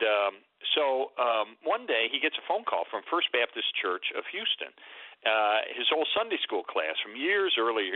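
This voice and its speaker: Male author guest, lively storyteller, halting with fillers, phoned in, thin and dry. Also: fairly low pitch, no echo. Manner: animated, many ums and restarts. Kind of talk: storytelling interview on radio. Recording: tinny phone line.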